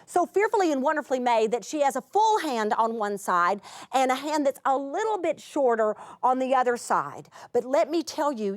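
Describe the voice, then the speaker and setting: A middle-aged woman telling a heartfelt story in a talk, expressive, moving between lively and hushed. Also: fairly high pitch. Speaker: Bible teacher.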